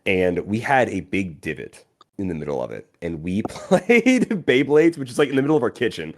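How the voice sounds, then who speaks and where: Animated young man chatting on a podcast. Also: fairly low pitch, normal speed. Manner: animated, laughs often, trails into mumbles. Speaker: podcast host. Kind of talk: casual podcast chat.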